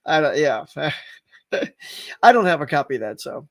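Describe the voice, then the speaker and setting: A man's voice: a little high, big pitch swings, moderate pace. A man hosting a live stream, chatting casually, laughing often and greeting viewers by name as he reads their comments. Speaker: host of a live stream show.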